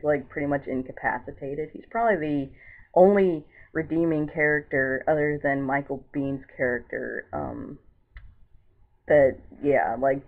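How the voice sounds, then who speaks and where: A woman giving a casual vlog movie review in a rambling, filler-heavy way, sounding exasperated. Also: deep voice. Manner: exasperated and indignant. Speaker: film reviewer. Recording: tinny, phone-like lo-fi sound.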